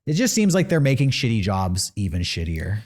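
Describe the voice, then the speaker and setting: A man's voice: fairly low pitch, sing-song, a little fast, darkish tone. A man in his thirties co-hosting a podcast, chatting casually about news stories in an opinionated, rambling way. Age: 30s. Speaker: podcast co-host.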